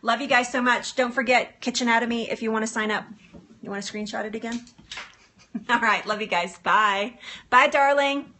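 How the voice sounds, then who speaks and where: A woman's voice: fairly high pitch, fairly even intonation, normal speed, pushed and bright, slight background noise. A woman hosting a live cooking stream from her kitchen, chatting in a bubbly way and answering viewers' comments. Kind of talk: casual live-stream chat.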